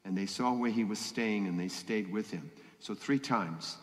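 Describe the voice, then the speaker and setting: Older priest in echoing church. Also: male voice, lowish voice, normal speed. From Boston area. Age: 70s. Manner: conversational, rhetorical questions to the congregation. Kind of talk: homily at Mass. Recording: long church reverb.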